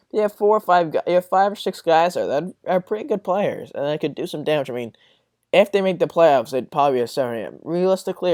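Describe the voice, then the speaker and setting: A young male podcast host rambles through a casual solo sports show, ranting, swearing and sounding exasperated. His voice is medium-pitched with a somewhat dark tone, captured in a dry, studio-quality recording.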